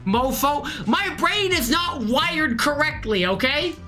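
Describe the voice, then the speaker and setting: A tipsy woman streaming a game, reading its text aloud and rambling off on tangents in an excitable, profane way. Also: sits high, slow, music in the background. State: tipsy from drinking.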